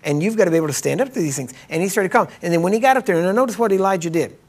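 A man's voice: high-pitched, expressive, racing. A man preaching a sermon, retelling a Bible story in plain talk and acting out the quotes with a mocking edge. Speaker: preacher and ministry teacher.

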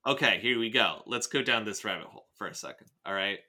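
This podcast host has a lowish voice with a sharp edge and talks quickly. Reading and analyzing a novel, he rambles, cracks jokes, curses a lot and keeps starting his thoughts over.

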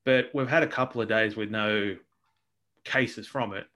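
A man's voice: lowish voice, fairly even intonation, normal speed, sharp tone. An Australian man co-hosting a casual podcast chat, ranting with plenty of swearing and exasperation. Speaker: podcast co-host.

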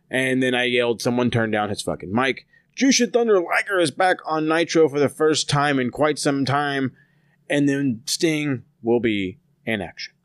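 A man's voice: mid-range voice, smooth, dry recording, studio quality. Profane, sarcastic man recapping casually. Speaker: podcast co-host reviewing wrestling episodes.

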